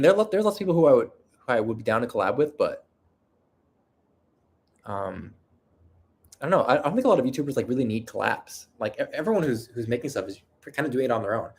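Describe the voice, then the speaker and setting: A man with a nasal voice hosting a casual livestream, answering viewer questions in a rambling, self-deprecating way. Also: medium pitch. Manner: self-deprecating, rambling, with frequent restarts and laughter. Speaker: video creator and livestream host.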